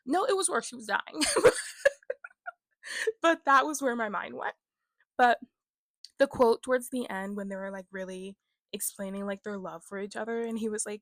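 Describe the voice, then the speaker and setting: A woman's voice: on the high side, moderate pace, pauses often, fairly bright tone, dry recording. Chatty young woman, dry close sound. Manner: chatty, leans on filler words, laughs often. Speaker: book vlogger. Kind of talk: casual book review chat.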